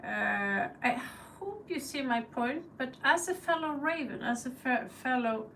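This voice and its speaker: Hosting her tarot channel's live stream, this woman from Norway keeps things casual, cursing, laughing, and mimicking crows as she talks. Her high voice is animated, unhurried, and fairly bright. The mic is distant, with slight background noise in a rough recording.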